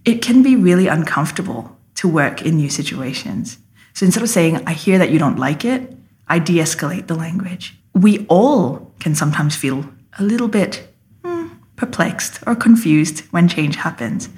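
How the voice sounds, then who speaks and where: Low-voiced woman coach explaining emphatically. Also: lively intonation, normal speed, a little mellow. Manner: emphatic, acts out example phrases. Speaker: leadership coach, guest. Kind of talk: explanatory interview talk.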